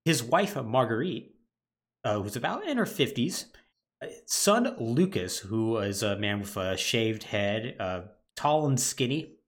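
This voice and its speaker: Casually recapping a video game's story, a male podcast co-host briefly acts out the characters' lines. His mid-range voice swings widely in pitch, and he keeps a measured pace.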